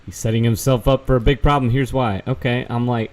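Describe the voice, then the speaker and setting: A man at an ordinary middle pitch talks casually over news articles. He reads them aloud and breaks off into sarcastic, profane asides, with a loose, offhand manner. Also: a little fast, hardly any pauses. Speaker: vlogger fact-checking news. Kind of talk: casual screen-share commentary.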